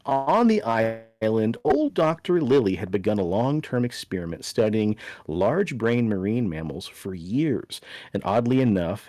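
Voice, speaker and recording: A man's voice: lowish voice, dark tone, dry recording. A man hosting a podcast, telling a story in a playful, dry way. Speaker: podcast host.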